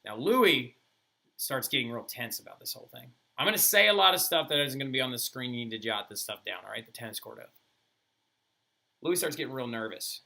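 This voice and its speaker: A male teacher lectures in a lively, casual way, tossing in playful asides and quick acted bits. His voice sits mid-range in pitch with a very bright, cutting edge. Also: creaky. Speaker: history teacher. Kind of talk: animated classroom lecture.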